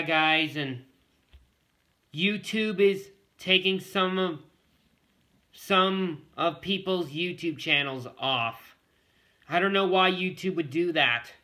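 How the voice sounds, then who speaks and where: Guy vlogging to the camera, high bright voice, keeps repeating himself and talking to his viewers. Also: slow pace. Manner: rambling and repetitive, often addressing the viewers. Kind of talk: casual talk to camera.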